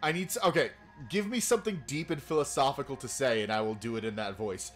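A man's voice: mid-range voice, quick pace, soft background music. A man streaming a game, chatting in a goofy, rambling way. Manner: goofy, rambling, laughing often. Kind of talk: casual let's-play chat.

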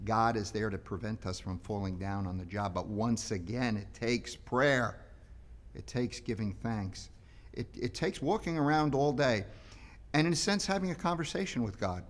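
A man's voice: on the low side, normal speed. A man speaking as a priest, giving an earnest daily reflection and reading scripture, sometimes repeating words as he presses a point.

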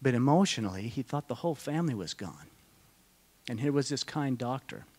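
A middle-aged man speaking to a conference audience, telling a personal story in a slow, halting, deeply emotional way, often dropping to a hush. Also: expressive, slightly rough. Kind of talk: personal testimony talk to an audience. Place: conference hall.

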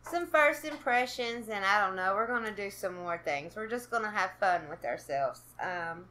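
A woman's voice: medium pitch, animated, normal speed, bright, forceful tone, slight background noise. A woman from Kentucky, chatting to camera in a casual unboxing vlog, nervous and giggly. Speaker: vlogger doing an unboxing.

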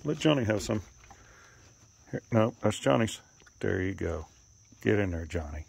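A man talking to his animals outdoors, coaxing and teasing them, sometimes cussing and calling out in a high voice. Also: animated, moderate pace, gravelly, long pauses, darkish tone, breathy edge. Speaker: animal keeper filming his pets. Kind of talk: casual running commentary to animals. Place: outdoors, rural.

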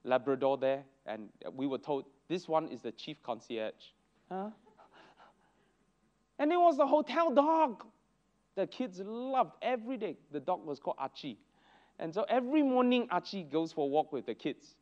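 A man leads a church Bible lesson, telling anecdotes with bursts of exclamation. His voice sits high and leaps around expressively. The recording sounds dull and lo-fi. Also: normal speed. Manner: animated storytelling with exclamations. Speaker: Sunday school teacher.

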